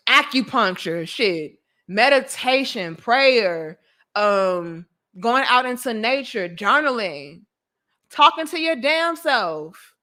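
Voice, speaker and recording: A woman's voice: medium pitch, bright, forceful tone. A young woman hosting a casual commentary vlog, talking bluntly and with plenty of profanity as she tells stories and preaches advice. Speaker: host.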